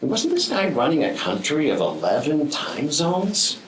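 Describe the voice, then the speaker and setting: A man's voice: a little high, wildly swooping pitch, normal speed, reverberant, slight background noise, rough recording. A man giving a prepared speech to a live audience, telling stories with dry, wry humor and frequent ums. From United States. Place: room with an audience.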